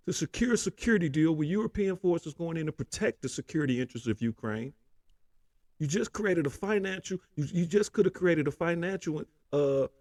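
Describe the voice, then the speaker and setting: A man's voice: on the high side, a little mellow, dry recording. A man hosting a political commentary show, ranting heatedly with constant profanity and repeated "man".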